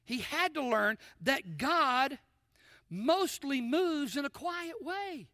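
A man preaching a sermon with a high, sharp, bright tone. He throws questions at the congregation and drops from forceful emphasis to near-whispers. The sound is close and dry. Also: lively intonation, slow pace, no room sound. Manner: addresses congregation with call-and-response questions; swings between loud emphasis and soft near-whispers. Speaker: pastor. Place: church sanctuary.

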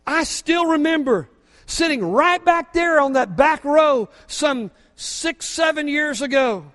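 High-voiced older preacher, fervent. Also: male voice, expressive, slow pace. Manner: fervent, swings from quiet asides to shouting. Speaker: pastor. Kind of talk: sermon. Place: church sanctuary. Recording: long hall reverb from a church.

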